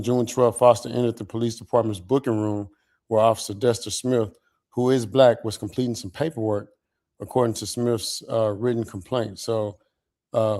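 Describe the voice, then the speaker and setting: Man, low flat dark voice, casual news reading, filler-heavy. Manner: casual, lots of fillers, reads aloud.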